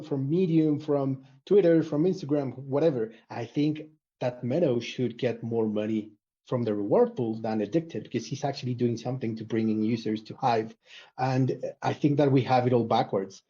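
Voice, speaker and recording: A man's voice: mid-range voice, highs cut off. A man arguing his point with energy in a casual online group discussion. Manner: animated, emphatic, arguing a point. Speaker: community panelist.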